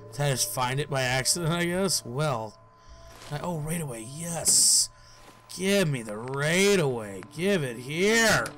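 Man, mid-pitched, for goofy self-talking gameplay commentary with mock outbursts, home desk mic. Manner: goofy, talks to himself and game characters, mock outbursts. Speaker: let's play gamer. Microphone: headphones and desk mic.

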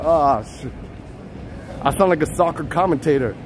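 A man's voice: a little high, expressive, slow, long pauses. A man from Puerto Rico chatting playfully with viewers while walking city streets at night, filmed on a handheld phone. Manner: playful, teasing chat with viewers, bursts of loud shouted names. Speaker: livestream host. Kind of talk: live street vlog chat. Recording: faint street noise outdoors. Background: street and traffic noise.

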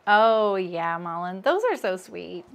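A woman's voice: on the low side, takes it slowly, gravelly, a little hiss or hum. A woman in her thirties hosting a casual sewing livestream, chatting with viewers and laughing at her own jokes as she works.

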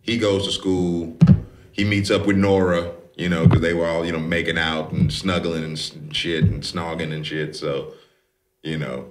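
A man's voice: sits low, flat delivery, moderate pace, noisy background. A man hosting a podcast, recapping a film in a casual, profane, slangy way. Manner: profane, slangy, laid-back. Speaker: podcast host.

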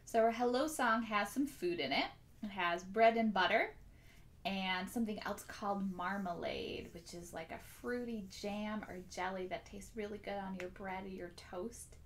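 A woman's voice: medium pitch, moderate pace. A woman working as a children's librarian, leading a story time in an upbeat, patient way that coaxes young kids along. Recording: noisy recording with steady hiss.

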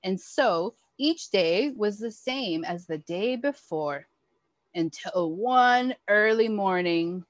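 A woman, an early childhood educator, reading a picture book aloud to children with expressive, animated storytelling. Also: mid-range voice, takes it slowly, no echo.

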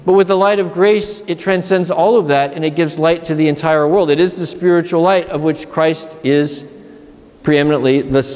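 Man preaching, abbot, fairly high voice, conversational, acts out voices, long church reverb. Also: darkish tone. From Pennsylvania. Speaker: monastery abbot. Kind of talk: sermon at a retreat.

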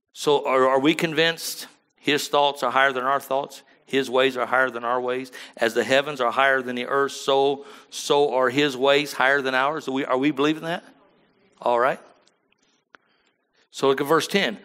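Pastor guy preaching, bright tense voice, goes quiet then booms, keeps asking the room to agree. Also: fairly even intonation, normal speed, clean tone. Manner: swings from low murmurs to loud emphatic bursts; asks the congregation for agreement. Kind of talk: sermon.

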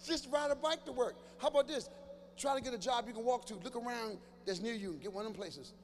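A male stand-up comedian riffing with someone in a live audience, teasing loudly and breaking into sudden shouted bursts. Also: very high voice, a little fast. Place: large church hall before a live audience. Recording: reverberant hall with faint ambient noise.

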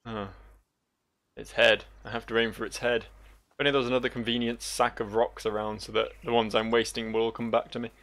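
Gravelly, sweary gamer. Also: male voice, medium pitch, little pitch movement, brisk, fairly bright tone. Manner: joking, sweary, laughing often. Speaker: let's play host. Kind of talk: gameplay commentary.

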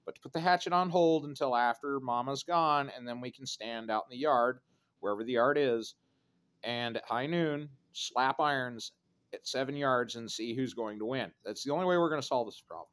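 A man in his thirties rambling through a profane, sardonic vlog rant with dark jokes. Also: mid-range voice, moderate pace, clear, resonant tone. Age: 30s. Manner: sardonic, profane, darkly joking. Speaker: vlogger.

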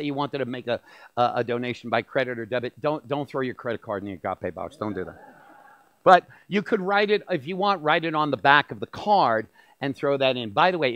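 A man's voice: medium pitch, fairly bright tone, no echo, muffled recording. A man, a rabbi, talking to a church congregation in a folksy, joking way with small restarts. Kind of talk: speaking to a church audience. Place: church sanctuary.

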